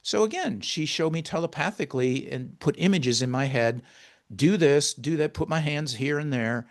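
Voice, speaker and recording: A man's voice: a little high, moderate pace. Male interview guest, caregiver and author, earnest and heartfelt storyteller.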